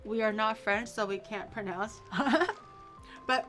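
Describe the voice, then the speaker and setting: A woman with a bright, fairly high voice chats casually on a cooking stream. She teases her viewers playfully and drags words out slowly to make fun of fussy pronunciations. Soft music plays faintly underneath.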